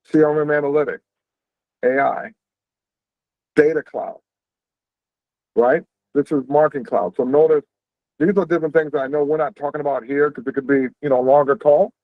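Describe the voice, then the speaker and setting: Man explaining fast over a tinny line. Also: a little high, fairly even intonation, no echo. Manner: quick, conversational, frequent "right?" check-ins. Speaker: company owner hosting an info session. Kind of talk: explaining career paths on a video call. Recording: tinny, phone-like dry audio.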